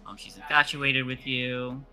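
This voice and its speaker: A man narrating as game master, halting and full of fillers and restarts. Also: medium pitch, steady tone, music in the background.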